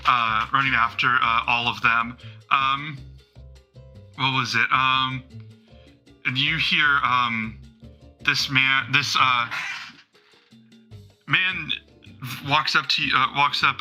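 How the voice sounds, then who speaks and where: A man's voice: mid-range voice, pushed and bright, low-quality recording. Rambling male game master. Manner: rambling, many fillers and restarts. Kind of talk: narrating a tabletop game.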